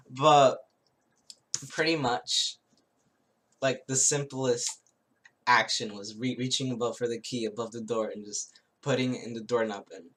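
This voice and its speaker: A man giving a casual spoken tarot reading, rambling and halting, with many restarts and little chuckles as he recounts a show. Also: mid-range voice, a bit bright. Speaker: tarot reader.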